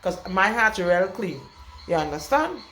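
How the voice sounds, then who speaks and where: A young woman vlogs a casual storytime rant to camera, emphatic and blunt, repeating her points for weight. Her medium-pitched voice is a bit bright and sing-song at a moderate pace, in an echoey room with faint background noise.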